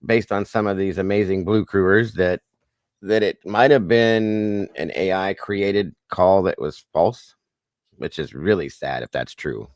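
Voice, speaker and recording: Goofy deep-voiced male stream host. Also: a little slow, no room sound, studio quality. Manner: goofy, cornball greeter; shouts out viewers by name. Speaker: livestream host. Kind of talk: casual livestream chat.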